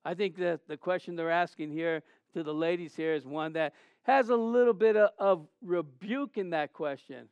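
A man delivers a sermon with a high, clear, smooth voice. He preaches conversationally, telling stories animatedly and often restarting his phrases. The sound is dry, with little room echo. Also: moderate pace, few pauses, a little mellow, muffled recording. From Southern California. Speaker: pastor.

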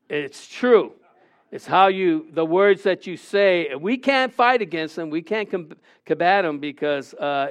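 High, smooth-voiced man preaching. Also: lo-fi sound. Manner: reads scripture then tells a joke with audience asides and laughter. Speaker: pastor. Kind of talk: sermon.

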